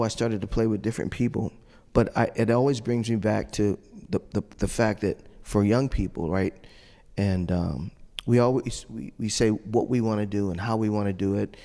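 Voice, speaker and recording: A middle-aged man with a lowish voice tells an animated story, acting out the voices of the people he quotes and laughing now and then. His voice rings with the long reverb of a large hall. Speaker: trumpet player on a judges panel. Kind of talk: storytelling to an audience.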